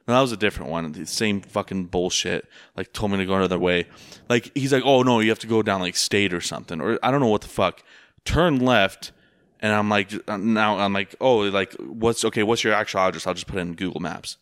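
A man's voice: lowish voice, brisk, a bit bright, clear, resonant tone, no room sound. A young man telling a rambling story in casual chat, full of fillers and swearing. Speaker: rideshare driver.

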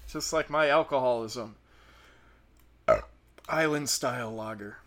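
A man's voice: medium pitch, moderate pace, sharp tone. A man hosting a solo podcast, ranting in a profane, exasperated and sarcastic way. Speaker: podcast host. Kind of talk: casual solo podcast rant.

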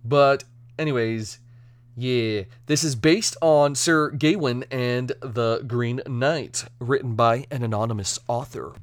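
A man hosting a casual solo podcast review, chatty and energetic, now and then slipping into silly joke accents. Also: medium pitch, slow, no echo. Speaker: podcast host.

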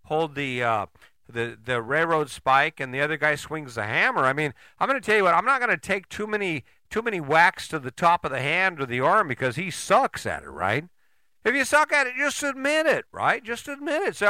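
A man's voice: a little high, big pitch swings, moderate pace, sharp tone, no room sound. An older man, a podcast host, giving a blunt motivational monologue full of swearing and rhetorical questions.

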